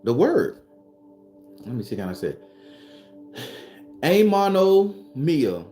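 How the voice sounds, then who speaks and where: His voice is lowish and dark, swooping wildly in pitch at a moderate pace, echoing around the room over soft background music. Sitting behind his home studio, this tarot reader and spiritual vlogger preaches a blunt, profane motivational monologue in repeated phrases, keeping it casual.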